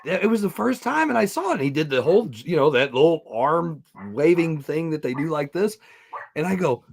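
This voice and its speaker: A man who coaches, co-hosting a podcast and excitedly telling a story in casual chat, laughing as he goes. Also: a little high, a little fast, vocal fry.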